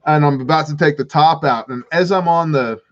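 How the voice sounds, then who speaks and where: A man with a raised, fairly high voice tells a long, animated story. He laughs easily and slips into other people's voices. The audio is muffled and lo-fi, like a livestream. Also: fairly quick. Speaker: prepper channel host.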